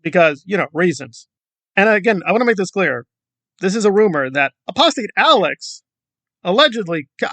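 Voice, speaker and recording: In a ranting commentary vlog, this YouTuber fires off sarcastic, combative jabs and one rhetorical question after another. He has a high-pitched, sharp-toned voice, recorded without echo.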